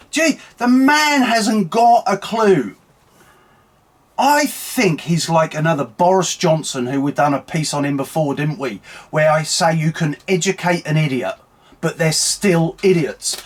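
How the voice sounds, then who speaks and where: Male commentary host, raspy, higher pitch, heated and mocking. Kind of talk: angry political rant.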